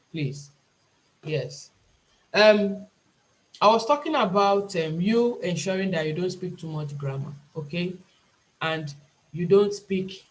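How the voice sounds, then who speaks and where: Nigerian lady teaching a class on a video call, emphatic, keeps repeating herself, kinda pleading. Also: lowish voice. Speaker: IELTS tutor and nurse. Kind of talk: online class lecture.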